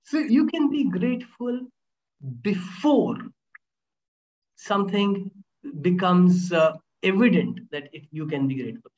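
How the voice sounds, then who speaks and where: A man, a guest speaker, telling teaching stories in an interview, animated and laughing between points. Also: high voice, measured pace. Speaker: guest speaker on inner power. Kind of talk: storytelling interview talk. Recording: dull lo-fi audio.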